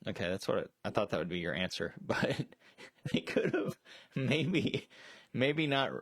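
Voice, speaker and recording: A man co-hosts a casual movie chat on a live stream from a storage shed, rambling with many fillers and restarts. His lowish voice has big pitch swings and a fairly bright tone at a moderate pace, captured in clean, dry studio sound.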